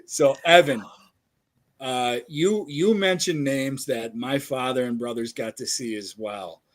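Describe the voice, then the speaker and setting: A man from upstate New York hosting a wrestling podcast, friendly and quick to laugh as he leads the chat. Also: medium pitch. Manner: friendly, laughs easily, asks leading questions. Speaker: podcast host. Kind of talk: casual interview chat.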